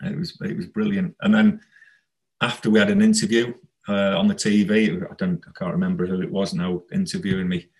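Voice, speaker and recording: Low-voiced man telling a football story. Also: level tone, fairly quick, darkish tone, poor audio. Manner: rambling, anecdotal, laughs while telling. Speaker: former footballer guest. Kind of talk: casual storytelling interview.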